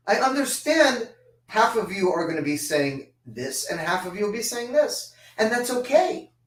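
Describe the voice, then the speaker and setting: A man's voice: sits high, echoey room, recorded from a distance, rough recording. A man giving an impassioned religious lesson, emphatic and repetitive.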